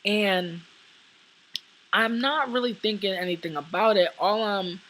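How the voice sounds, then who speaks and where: A young woman with a bright, forward voice tells a rambling true story to camera. Her talk is casual and heavy with swearing, and she acts out the people in it. A faint hiss sits under the recording. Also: medium pitch, measured pace, low-quality recording. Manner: profane, animated, acts out what people said. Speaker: vlogger.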